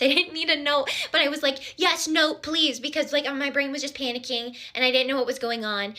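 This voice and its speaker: Bright, high-pitched giggly young woman. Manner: bubbly, giggly, breathless retelling. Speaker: student. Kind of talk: get-ready-with-me storytime.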